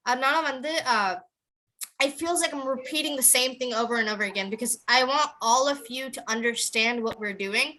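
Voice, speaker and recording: Young female tutor on a call, rapid and informal, lots of fillers and restarts, high voice. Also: bright, forceful tone. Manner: fast, loose, with many fillers and restarts. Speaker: online tutor. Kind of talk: casual online class, mixing English and Tamil.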